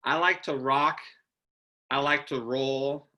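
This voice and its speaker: A man's voice: medium pitch, fairly even intonation, takes it slowly, bright, forceful tone. A man co-hosting a casual live-stream chat show, playful and fond of sing-song repetition. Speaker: co-host.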